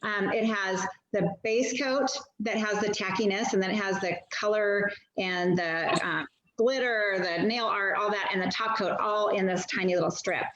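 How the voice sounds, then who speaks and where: A woman's voice: medium pitch, normal speed, a bit bright. A woman, a stylist training other sellers, giving a casual, chatty product demo full of self-deprecating asides. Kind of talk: casual instructional demo on a video call. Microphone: video call mic. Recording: dull, roomy video call audio.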